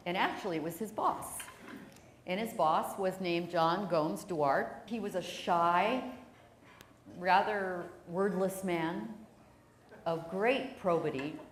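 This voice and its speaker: Lady in her 60s telling a story live, super lively pitch, echoey room. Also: slow pace.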